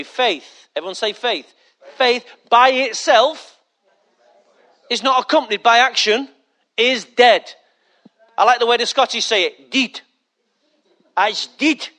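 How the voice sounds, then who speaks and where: A man preaches from the pulpit in a high, bright, ringing voice. He drives his points home with emphasis and drops joking asides straight to the congregation. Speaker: pastor. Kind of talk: sermon.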